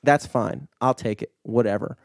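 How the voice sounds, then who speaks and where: A man's voice: medium pitch, normal speed, vocal fry, no echo, clean studio sound. A man co-hosting a podcast in casual chat, rambling and swearing, with lots of filler words. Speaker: podcast co-host. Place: studio.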